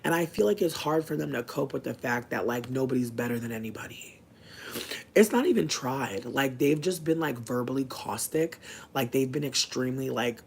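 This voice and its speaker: A man's voice: mid-range voice, gravelly, husky. A man talking candidly in a casual vlog monologue, frank and chatty, swearing often and filling his speech with "like". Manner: chatty, frank, swears a lot, many "like" fillers. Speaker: vlogger. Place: indoors at home.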